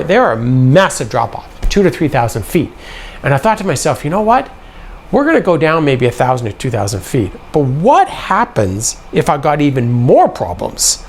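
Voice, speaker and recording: A man with a gravelly voice telling a personal story casually, acting out the dialogue as he goes. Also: on the high side, slight background noise. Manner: animated, acts out quoted dialogue.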